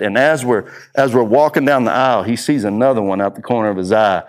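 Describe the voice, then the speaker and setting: A middle-aged man gives a talk in a conference room, telling stories and repeating key lines for emphasis. His voice sits on the low side, and he speaks quickly with few pauses.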